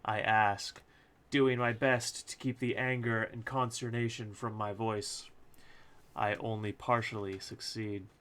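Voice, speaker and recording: A man's voice: fairly low pitch, level tone, unhurried, fairly bright tone. A man reading his own novel aloud on a live stream, casual and crude with joking asides.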